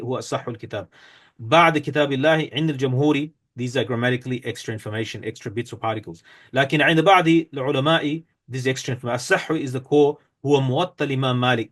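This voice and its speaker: Male teacher, mid-pitched voice, leads a grammar class, reads out passages and breaks them down with pauses and restarts. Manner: explains step by step, reads from a textbook, many fillers and self-corrections.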